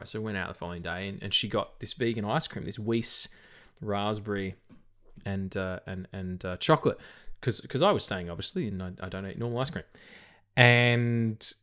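A man's voice: fairly low pitch, moderate pace, a bit bright. Rambling man, sweary. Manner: rambling, swears freely, stutters and restarts. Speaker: podcast co-host. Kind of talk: casual film podcast chat.

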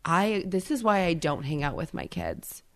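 Low-voiced, profane woman podcaster. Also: expressive, normal speed. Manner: blunt and profane, loud and emphatic when ranting. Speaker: podcast co-host. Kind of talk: casual chat.

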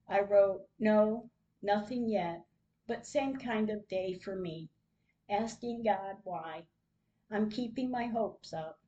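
A woman hosting a podcast, reading her personal diary entries aloud in a soft, heartfelt way and often stopping to pray. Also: medium pitch, muffled recording. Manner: slow, soft and heartfelt, with frequent prayers. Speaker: podcast host.

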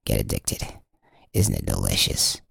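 A man voicing a sly, scheming advertiser figure who coaxes in a hushed, drawn-out low voice. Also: wildly swooping pitch, gravelly, breathy edge, dry recording, clean studio sound, full character voice. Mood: coaxing.

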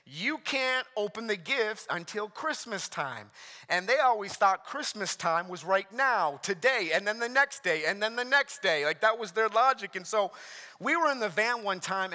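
Male pastor, 30s, high bright voice, animated storyteller, big reverberant room. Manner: storytelling, animated, self-deprecating humor. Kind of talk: sermon.

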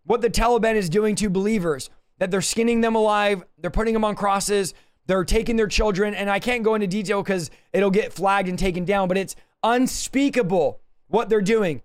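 This pastor, whose voice is strikingly high, preaches scripture over a livestream from his home office with urgency and strong emphasis. The tone is clean as he pushes each point hard and darts into brief asides.

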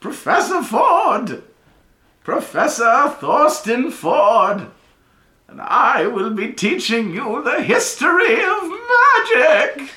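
A frantic old wizard professor who bellows his lecture in a high, strained voice, stretching every word and circling back to repeat himself. The room around him rings with a roomy echo. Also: very animated, heavily acted. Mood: manic, shouting. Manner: shouting, drawn-out, rambling, repeats himself. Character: wild-haired old male history-of-magic professor, manic.

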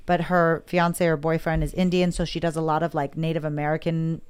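A woman's voice: low voice, level tone, brisk, a little mellow, clear, resonant tone. A woman candidly recounting a hard personal experience in conversation, emotional and quoting herself and others as she talks.

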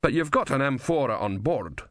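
A man's voice: medium pitch, animated, moderate pace, no echo, clean studio sound, voice pushed up, lightly acted. A man voicing a sulky, pedantic philosopher in a storybook reading.

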